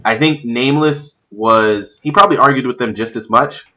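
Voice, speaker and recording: Bright-voiced man, rambling casual chat. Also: medium pitch, normal speed, low-quality recording. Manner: animated, rambling with many fillers. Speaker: stream host; youth pastor.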